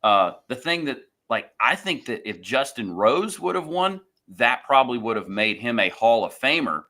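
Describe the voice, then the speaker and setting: A man talks on a studio show with easygoing enthusiasm and calls his friends bro and dude. His tone is bright and forceful, and his pitch sits in the middle. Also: very animated, moderate pace. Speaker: show regular. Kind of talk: casual chat.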